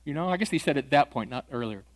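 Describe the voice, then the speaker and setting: A man, a pastor, teaching evangelism by telling a story and acting out the dialogue with lively energy. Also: medium pitch, racing. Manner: animated storyteller who acts out dialogue. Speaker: pastor training church members in evangelism.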